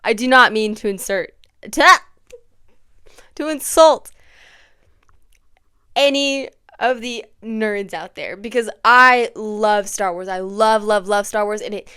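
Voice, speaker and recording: A young woman talks straight to the camera in a casual vlog. Her voice is bright and crisp, a little high, and recorded dry and close. She swings from hushed asides to dramatic near-yelling. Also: unhurried, dry recording. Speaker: vlogger. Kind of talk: casual chat.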